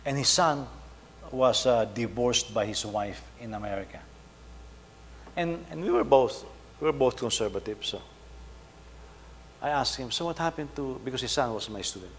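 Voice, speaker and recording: A middle-aged man, preaching a sermon, telling a story and swinging between loud emphasis and soft asides. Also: medium pitch, animated, moderate pace, pauses often. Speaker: pastor. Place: church hall. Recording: faint hum, long hall reverb.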